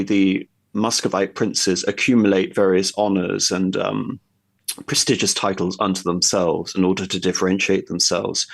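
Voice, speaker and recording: Low and gravelly, this man's voice carries a long stretch of talk as a guest on a history discussion. His explanations wander in a lecturing style while he works through his thoughts out loud.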